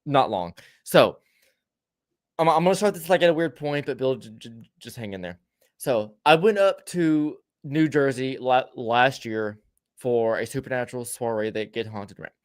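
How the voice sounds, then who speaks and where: A man's voice: mid-range voice, lively intonation, moderate pace. A male podcast host tells a story in loose, casual chat. He swears freely and rambles, often restarting his sentences mid-thought. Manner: profane, rambling, frequent restarts.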